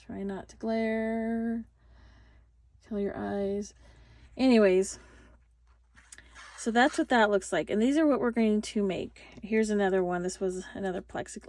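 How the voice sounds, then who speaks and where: A woman's voice: medium pitch, a little mellow. A woman hosting a casual craft tutorial, chatty and rambling, full of fillers and restarts, recorded on a phone.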